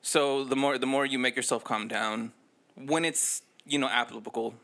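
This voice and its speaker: A man's voice: medium pitch, fairly even intonation, normal speed, vocal fry, bright, forceful tone. A man co-hosting a casual podcast, giving loose, profane, jokey advice. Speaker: podcast co-host.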